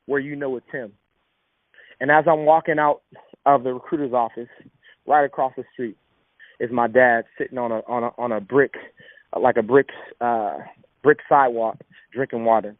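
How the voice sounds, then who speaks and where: A man's voice: mid-range voice, fairly even intonation, fairly quick, no room sound. A young man earnestly telling a heartfelt personal story of hardship and faith. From Southern California. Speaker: speaker. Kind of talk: personal testimony talk. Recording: thin phone-like sound.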